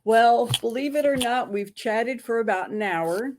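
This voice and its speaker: A woman hosting a casual interview, chatty and quick to laugh, wrapping up with her guest. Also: on the high side, slight background noise. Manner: warm, laughs easily, chatty. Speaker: podcast host.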